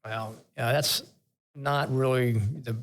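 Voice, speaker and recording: A retired vice admiral, an older man guesting on a podcast, tells candid stories in conversational interview style and becomes emotional remembering his sailors. His mid-range voice is steady and his pace slow.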